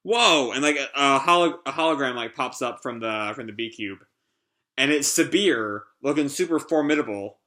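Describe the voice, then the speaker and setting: A man's voice: medium pitch, moderate pace, bright, forceful tone. A man reading a manga chapter aloud and reacting, in casual, filler-heavy chat that now and then swears.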